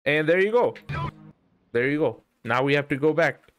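A young man streaming a game live, rambling and cursing in casual commentary, with sudden shouts. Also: a little high, expressive, moderate pace, over loud music. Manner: rambling, profane, sings and shouts in bursts. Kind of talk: casual let's-play commentary. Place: home streaming setup.

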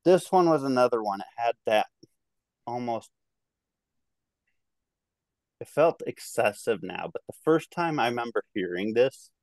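A man's voice: mid-range voice, animated, moderate pace, a little mellow, dry recording. A man in his thirties with a twangy Midwestern American accent, rambling through a casual album review with lots of fillers and restarts. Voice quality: slight twang. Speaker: music podcast reviewer.

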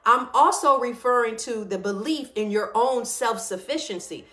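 A lively woman hosting a morning live stream with a fairly high voice. She calls out to viewers by name and pumps them up. She slows into a reflective tone when reading her own notes. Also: reverberant. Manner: animated, greets viewers by name, hypes them up. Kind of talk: casual motivational live-stream talk.

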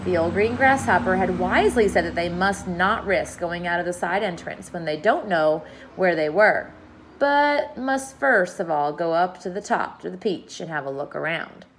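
A woman reading a children's book aloud in an expressive, lively storytelling manner. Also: on the low side, normal speed, slight background noise, rough recording.

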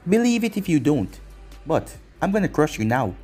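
A man's voice: on the high side, big pitch swings, normal speed, darkish tone, breathy edge, soft background music. A man voicing a cocky young male ninja fighter in a fan-made story reading, with a mocking, taunting delivery.

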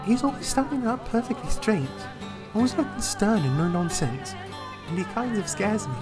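A giddy, easily embarrassed young noblewoman, as a man reads her lines aloud from a visual novel. She talks in a high, breathless rush and keeps tripping over her own words when flustered. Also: lively intonation, moderate pace, over music.

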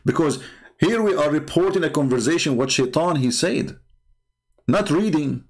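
Argumentative man with a gravelly voice. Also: on the high side, lively intonation, darkish tone. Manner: argumentative, halting, many fillers and restarts. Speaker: religious commentator. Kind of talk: unscripted screen-share talk.

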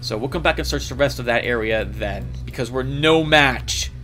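A man hosting a let's play, chatting casually and rambling excitedly as he plays, laughing often. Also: medium pitch, moderate pace, music in the background. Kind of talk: casual gameplay commentary.

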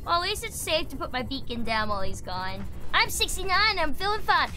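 A woman's voice: sits high, very animated, fairly quick, bright, forceful tone. A woman streaming a game, chatting playfully with her audience and slipping into silly voices. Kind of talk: casual gaming stream chat.

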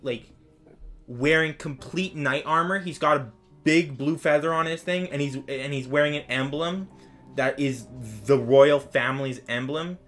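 A man's voice: fairly high pitch, normal speed, fairly bright tone, faint music behind. Young man rambling as game master. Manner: casual, rambling, full of "like" and restarts. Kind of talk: narrating a tabletop game.

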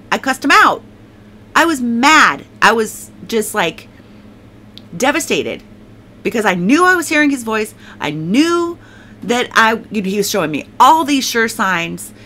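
Middle-aged woman sharing her faith testimony, bright voice, rambly and emotional, tons of you knows. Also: medium pitch, a little hiss or hum. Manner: rambling, emotional, many restarts and fillers. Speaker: testimony speaker.

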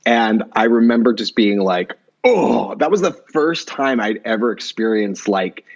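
A man telling a long personal story as a podcast guest, lively and quick to jump into other people's voices. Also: vocal fry. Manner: animated, jumps pitch when quoting people. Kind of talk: conversational storytelling. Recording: muffled low-fidelity remote audio.

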